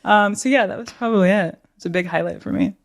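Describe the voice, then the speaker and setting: A young woman guest on an interview show, telling stories in a chatty, animated way and laughing often. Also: mid-range voice, quick pace. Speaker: guest actor. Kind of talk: casual interview chat.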